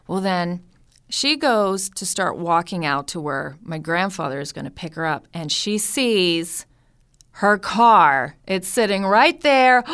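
A woman in her thirties telling a personal family story with lively, animated delivery. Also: fairly low pitch, slow, clear, resonant tone. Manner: lively, animated retelling with acted-out quotes. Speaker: storyteller guest.

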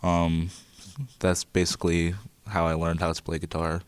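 A teenage boy, a student musician, talking about his songs in a radio interview, soft-spoken and reflective, with some hesitant fillers. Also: sits low, monotone, normal speed, clear, resonant tone, no room sound. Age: teens.

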